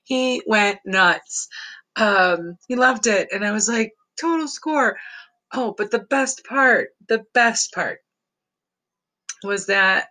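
A woman's voice: mid-range voice, slow, bright, forceful tone, low-quality recording. A woman telling a personal story in a casual, rambling way, chuckling often between phrases.

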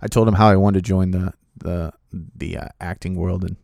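A man casually telling a story from his own life, loose and lively, slipping into the voices of the people he quotes. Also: low-pitched, normal speed, creaky, no room sound, studio quality. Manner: animated, acts out other people's voices in quotes; loose, filler-heavy delivery with restarts. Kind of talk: casual spoken anecdote.

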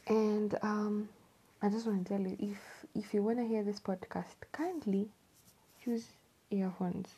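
A woman hosts her podcast in a hushed, partly whispered voice at home at night. Her tone is very dark and husky with a gravelly edge. She chats loosely, laughs often and repeats herself. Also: medium pitch, fairly even intonation, a little slow, rough recording. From Kenya. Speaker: podcast host. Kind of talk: casual podcast chat, half whispered. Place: home at night, people asleep.

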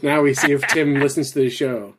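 A man's voice: mid-range voice, steady tone, fairly quick, background noise. A man from New Jersey co-hosting a podcast, chatting casually and joking often. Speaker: podcast co-host. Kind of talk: casual chat.

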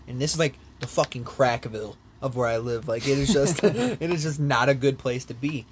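Young man, casual chat, animated storyteller, swears a lot, ordinary pitch, faint background noise. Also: moderate pace.

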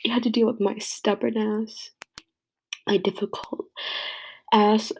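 Tearful young woman with a gravelly voice. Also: on the high side, flat delivery. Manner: rambling, heartfelt, halting. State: crying. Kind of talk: emotional personal tribute.

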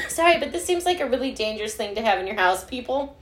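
A woman's voice: on the high side, animated, brisk, a little hiss or hum. A woman co-hosting a casual podcast who laughs often and uses a lot of filler words. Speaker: podcast co-host. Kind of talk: casual chat.

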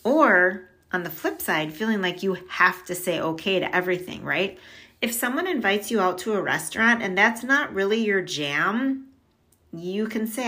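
A middle-aged woman guests on a podcast about money mindset, chatting casually in an upbeat, talkative way, often saying "like" and laughing easily. Her mid-range voice is pushed and bright, with lively intonation at a moderate pace.

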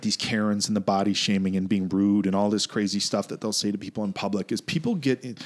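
Man, 30s, podcast co-host; animated profane storyteller, voice leaps up on quoted lines. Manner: animated, profane, restarts a lot, voice jumps high when quoting himself. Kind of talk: casual storytelling chat.

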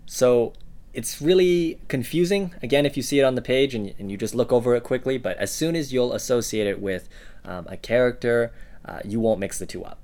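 A man co-hosting a casual lesson podcast, giving example words in a relaxed way with plenty of "uh" and "um". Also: mid-range voice, a little fast. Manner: relaxed, with frequent "uh" and "um".

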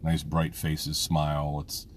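A man with an extremely deep, low voice talks through a casual personal monologue, rambling and frank, with swearing dropped in freely. He sounds middle-aged, speaking as a father. A faint hum of vehicle noise sits behind him. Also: completely flat delivery, slow pace. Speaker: vlogger, father.

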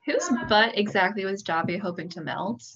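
A woman's voice: medium pitch, lively intonation, normal speed, fairly bright tone. A woman hosting a casual podcast chat, playful, asking questions and laughing often. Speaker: podcast host. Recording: dull audio with faint hiss.

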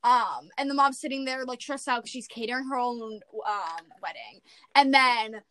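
A woman's voice: fairly high pitch, moderate pace, sharp tone. A young adult woman hosting a podcast, recapping a movie in casual chat, rambling with many fillers. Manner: rambling, lots of fillers, acts out quotes. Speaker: podcast host.

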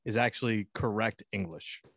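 A man's voice: lowish voice, moderate pace, a bit bright, no echo, clean studio sound. An American man co-hosting a casual podcast chat, crude and laughing often. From United States. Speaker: podcast co-host.

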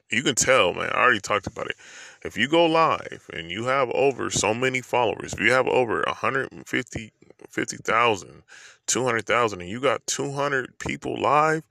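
A man's voice: medium pitch, gravelly, bright, forceful tone, no echo. A man giving a casual, rambling opinion monologue to camera, slangy and loose with lots of fillers.

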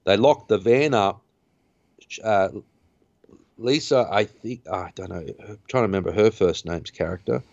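A man's voice: fairly low pitch, unhurried, vocal fry, long pauses, darkish tone, no room sound. Man rambling through a film recap. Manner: rambling retelling with fillers and restarts. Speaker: podcast host. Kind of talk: casual film recap chat. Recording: dull lo-fi dry sound.

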